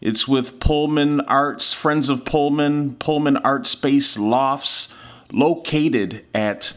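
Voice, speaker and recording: Slow-talking man radio host. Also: medium pitch. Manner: relaxed, reads event listings. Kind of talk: casual radio announcing.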